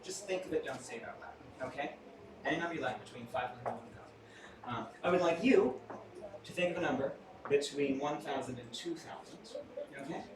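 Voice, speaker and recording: A man's voice: fairly high pitch, expressive, a little fast. A man performing stage mentalism live for a small audience, with theatrical, playful patter and joking asides to the crowd. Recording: echoey room, far from mic, audience noise.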